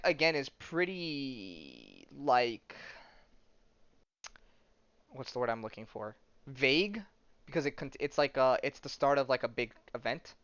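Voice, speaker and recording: A man's voice: mid-range voice, a bit bright, dry recording. A man hosting a podcast, casually recapping a comic in a rambling way and laughing at his own jokes. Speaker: podcast host. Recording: dull lo-fi sound.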